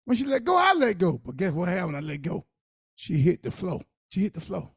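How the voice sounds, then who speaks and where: A middle-aged man with a high-pitched, creaky voice carrying a breathy edge speaks fairly quickly as a podcast co-host. He shares stories from his life in casual dialect, emphatic and animated, as conversational advice. Dry recording, studio quality.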